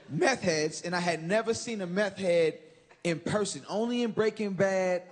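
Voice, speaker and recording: A man from Chicago performing an animated, profane stand-up set on a comedy stage, shouting his punchlines. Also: high-pitched. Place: comedy stage before a laughing live audience. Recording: loud live room noise.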